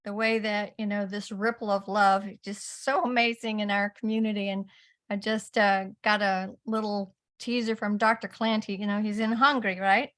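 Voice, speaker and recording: A woman's voice: mid-range voice, little pitch movement, normal speed, fairly bright tone. A woman on an online call who tells a story with enthusiasm and laughs easily. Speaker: call participant. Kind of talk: casual storytelling. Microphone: video call.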